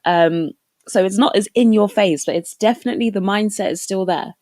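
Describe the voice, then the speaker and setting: A woman's voice: medium pitch, a little fast, dark tone, no echo. Woman guest making her case firmly. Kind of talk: casual debate on a livestream.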